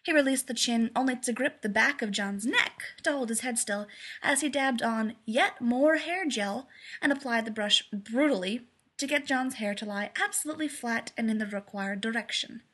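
A woman narrating a fan fiction story aloud in a lively, amused way. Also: fairly high pitch, moderate pace, husky.

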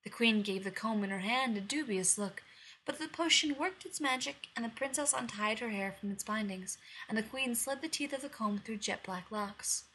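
A woman narrating a dark fairy tale in a measured storytelling reading. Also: on the high side, a little hiss or hum, rough recording.

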